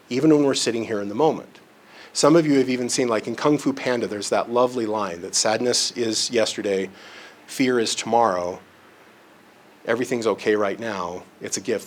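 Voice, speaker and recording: A man giving a live presentation in a conference room, talking conversationally, often checking in with his listeners and using homely examples and self-deprecating humor. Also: medium pitch. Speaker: presenter on relationships and counseling.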